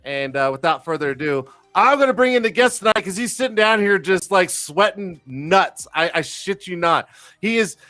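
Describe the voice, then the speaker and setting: High, bright-voiced man hosting a live stream. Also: lively intonation, normal speed, faint music behind. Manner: loose, profane and jokey, with many fillers and restarts. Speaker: livestream talk show host. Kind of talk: casual live-stream chat.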